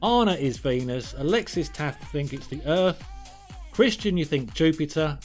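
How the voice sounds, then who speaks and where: A man's voice: a little high, expressive, normal speed, soft background music. A man hosting a live-streamed quiz in a chatty, jokey way, reading out viewers' answers by name. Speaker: quiz host.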